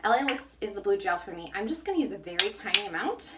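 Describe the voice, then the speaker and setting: Out of breath in a steamy bathroom, a young woman laughs often and pokes fun at herself while chatting through a hair tutorial for her vlog. She speaks quickly in a sing-song, mid-range voice. The distant mic picks up bathroom echo, and the audio is very noisy.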